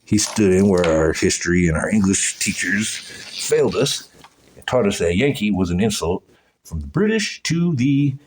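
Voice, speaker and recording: A man's voice: deep voice, big pitch swings, normal speed, breathy edge. A man giving profane, agitated commentary on old photos, exclaiming as he goes. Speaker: video host.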